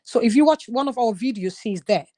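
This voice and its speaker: A woman from Gambia, a guest in a casual conversation, opens up earnestly about her own experiences in a confiding way. Her voice is on the high side, animated, brisk and mellow.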